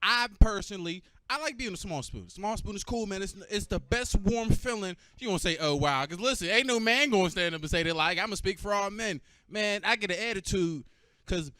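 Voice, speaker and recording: A young man performs stand-up, talking profane and animated while teasing the crowd. His voice sits a little high for a man. The sound is dry and close, with no room echo. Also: brisk. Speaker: stand-up comedian. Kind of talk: stand-up comedy.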